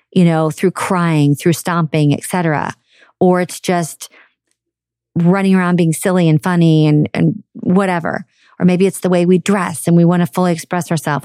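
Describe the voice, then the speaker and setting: A woman's voice: lowish voice, dark tone, no room sound, studio quality. A woman hosting a self-help podcast, talking earnestly and conversationally to her listeners. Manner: earnest, conversational, acts out quoted parents. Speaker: podcast host.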